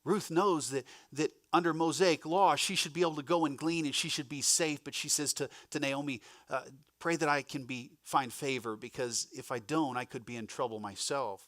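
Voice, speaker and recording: A man's voice: a little high, normal speed, hardly any pauses, a bit bright, no echo, clean studio sound. A male pastor giving a conversational sermon, breaking off for asides to the congregation. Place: church.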